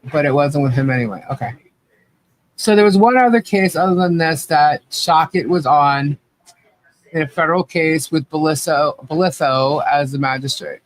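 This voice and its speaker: A man's voice: fairly high pitch, moderate pace, poor audio. Methodical man reporting findings. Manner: methodical, trails off at ends. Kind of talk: casual livestream chat, reporting research.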